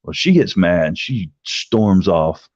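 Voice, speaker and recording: A man's voice: lively intonation, slow, darkish tone, no echo. A middle-aged man telling a long, profane story casually, acting out the quoted lines. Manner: rambling, profane, acts out quotes with raised pitch. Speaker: livestream host telling a story. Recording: dry, slightly dull lo-fi sound.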